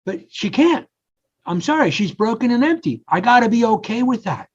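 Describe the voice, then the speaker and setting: Older male podcast guest, lively storyteller, slightly muffled lo-fi sound. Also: very high voice, moderate pace, breathy edge. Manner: animated storyteller, acts out quotes. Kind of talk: casual interview talk. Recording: slightly dull lo-fi audio.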